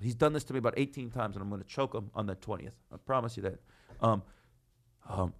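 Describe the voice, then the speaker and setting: Animated man in his thirties hosting. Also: on the low side, fast. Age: 30s. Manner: animated, swings loud and soft, swears freely. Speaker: podcast host and comedian. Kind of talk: casual chat.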